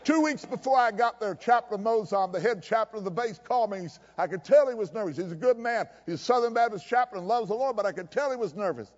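Male preacher, high voice, folksy and emphatic, muffled hall recording. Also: quick pace, hardly any pauses. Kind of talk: sermon. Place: chapel service.

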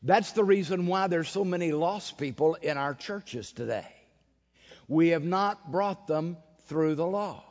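Emphatic preacher man, echoing hall. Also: unhurried. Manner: emphatic, storytelling, rises to loud high emphasis. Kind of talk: sermon. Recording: dull lo-fi sound with long hall reverb.

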